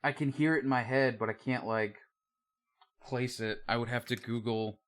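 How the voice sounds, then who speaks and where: A man with an ordinary mid-range voice hosts a livestream interview. He reads out viewer questions and chats casually. He often fills pauses with ums and uhs. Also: medium pitch, steady tone. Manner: casual, friendly, filler-heavy. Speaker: host.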